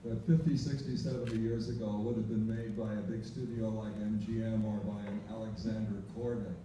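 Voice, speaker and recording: A man's voice: on the low side, flat delivery, a little fast, dark tone, a little hiss or hum. Older man asking a question, echoey hall. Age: 70s. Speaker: audience questioner. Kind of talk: formal question. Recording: echoey hall recorded from far off.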